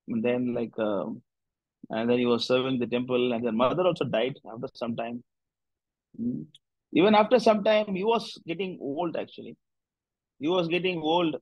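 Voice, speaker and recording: A man's voice: mid-range voice, dry recording, lo-fi sound. A man, a spiritual teacher leading a discussion group, telling a devotional story in a loose, rambling way with many "you know" fillers.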